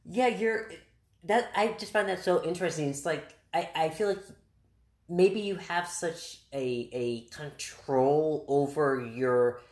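A woman talking expressively in a casual conversation, animated and quick to restart her sentences. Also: low voice. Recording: roomy echoing room.

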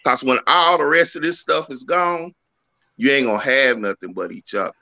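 A man on a talk show panel, telling family stories in a relaxed, conversational way. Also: medium pitch, moderate pace. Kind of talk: casual panel discussion. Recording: dull, lo-fi mic sound.

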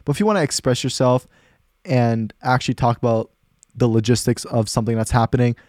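Fast-talking young man podcast host. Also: medium pitch, no room sound, clean studio sound. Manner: fast, animated, addresses listeners as guys. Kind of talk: casual podcast chat.

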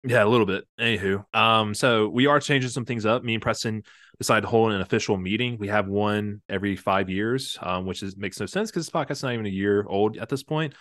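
A man's voice: on the low side, brisk, fairly bright tone, no echo, clean studio sound. A young man co-hosting a casual podcast, joking and rambling with lots of fillers while tipsy from drinking. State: slightly drunk. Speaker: podcast co-host. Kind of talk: casual chat.

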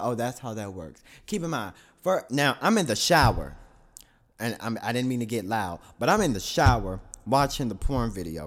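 Lively, profane man telling a confessional story. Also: mid-range voice. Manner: crude, profane, laughs through his own story; rambling, self-correcting asides to listeners.

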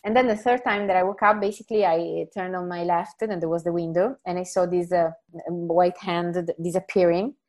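Hesitant woman, lowish voice. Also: fairly even intonation, darkish tone. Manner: hesitant, halting with many restarts and laughs. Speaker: guest storyteller. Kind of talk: casual conversational storytelling.

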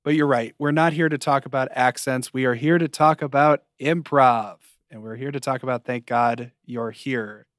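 A man's voice: mid-range voice, steady tone, fairly bright tone, dry recording, studio quality. Enthusiastic man in casual podcast chat. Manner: enthusiastic, quick asides, playful. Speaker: podcast co-host.

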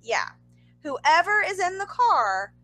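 A woman with a high, bright voice that swings widely in pitch as she tells a story in casual chat. She talks fast, piles on fillers and asides, and keeps things loose and conversational. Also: sing-song, no echo, low-quality recording. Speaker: podcast co-host.

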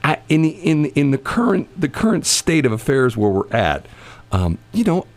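A man's voice: fairly high pitch, sing-song, normal speed. A man casually telling a long anecdote in conversation, rambling with many restarts and bursts of laughter. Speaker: storyteller in a conversation.

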